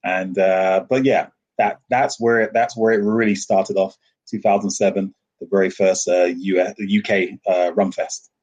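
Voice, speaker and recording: A man with a low, slightly husky voice, speaking as a guest in a relaxed interview. He tells lively stories and laughs often as he talks. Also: normal speed. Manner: animated storyteller, laughs often. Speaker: rum festival founder, guest. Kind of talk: casual interview talk.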